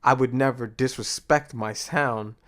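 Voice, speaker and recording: A man's voice: mid-range voice, measured pace. A man from Boston, co-hosting a podcast, telling a story in casual chat and acting out the dialogue with plenty of swearing. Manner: animated storyteller, acts out dialogue, swears freely. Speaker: podcast co-host.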